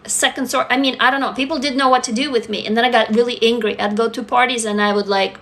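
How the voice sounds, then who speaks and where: Author, female, candid live-stream chat; crisp, bright tone, swears freely. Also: fairly high pitch, steady tone, quick pace. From Russia. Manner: candid and blunt, swears freely, laughs through heavy topics. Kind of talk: casual live-stream chat answering comments.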